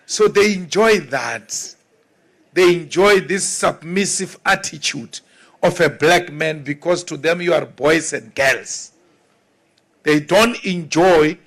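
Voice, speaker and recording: A political leader giving an emphatic, deliberate speech with mocking asides. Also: male voice, sits high, fairly bright tone. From South Africa.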